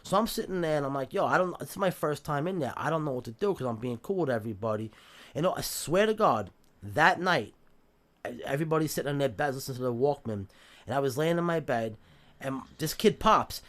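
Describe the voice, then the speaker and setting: A man's voice: on the high side, fairly bright tone. A man with a New York accent telling jail stories on a podcast in a casual, streetwise way, swearing freely and acting out the voices he quotes. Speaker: podcast guest. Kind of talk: casual storytelling.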